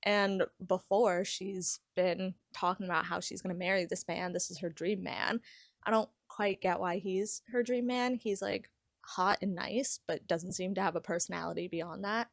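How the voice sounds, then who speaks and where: A woman's voice: fairly low pitch, normal speed, creaky. Young woman book vlogger, chatty recap, says like constantly, dry sound, no room echo. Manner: chatty, heavy use of "like", lively retelling. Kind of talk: casual plot recap.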